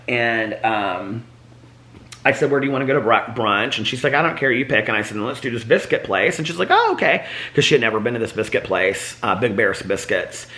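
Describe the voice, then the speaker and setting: A man's voice: lowish voice, sharp tone. A man telling a casual daily vlog story, chatty and laughing often, acting out the voices of people he quotes. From United States. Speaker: vlogger.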